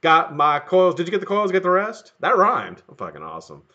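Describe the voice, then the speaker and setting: Man, live-stream host, casual profane chat, lively up-and-down pitch, slightly high voice, muffled lo-fi sound. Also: fairly quick. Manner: profane, excitable, laughing often, shouting names to greet viewers. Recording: dull lo-fi webcam audio.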